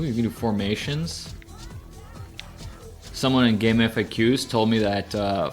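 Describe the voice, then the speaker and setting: A man streaming a video game, talking casually and rambling, then bursting into loud excited shouts during play. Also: on the low side. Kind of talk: casual live gameplay commentary.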